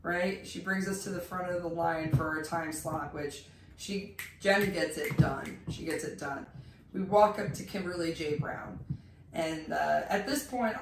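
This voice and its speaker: A woman's voice: lowish voice, a little slow. A young woman casually telling a funny story, acting out quotes and laughing as she talks. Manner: animated, laughing, acts out quotes. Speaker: storyteller co-host. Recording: roomy, distant mic, faint noise.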